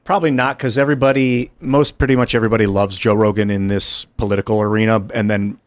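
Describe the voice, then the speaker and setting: A man co-hosting a talk podcast with a fairly low voice, recorded dry and close. He chats in a loose, offhand way, with his voice sometimes dropping very quiet at the ends of points. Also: flat delivery, fast, no room sound. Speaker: co-host. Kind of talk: political talk show discussion.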